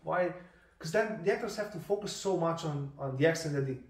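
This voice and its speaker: A man hosting a casual interview podcast, talking in an animated, opinionated way and swearing casually. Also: fairly high pitch, brisk. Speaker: podcast host. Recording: roomy sound from a distant mic.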